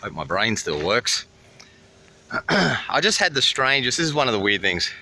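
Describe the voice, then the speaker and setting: A man's voice: mid-range voice, sing-song, normal speed, sharp tone. An Australian man vlogging casually at a busy roadside, swearing freely and rambling through a story into a handheld camera. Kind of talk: casual roadside travel vlog. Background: faint passing traffic.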